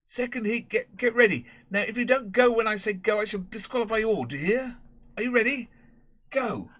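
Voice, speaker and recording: A man's voice: sits high, animated, brisk, fairly bright tone, no room sound, voice pushed up. A man voicing a feeble, fretful elderly schoolmaster who pleads plaintively and in exasperation. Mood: exasperated.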